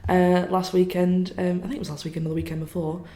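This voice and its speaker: A woman's voice: lowish voice, level tone, fast talker, crowd noise. A young woman, chatting casually as a podcast guest, laughing often and swearing freely. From northern England. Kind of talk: casual chat. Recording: roomy room, faint noise.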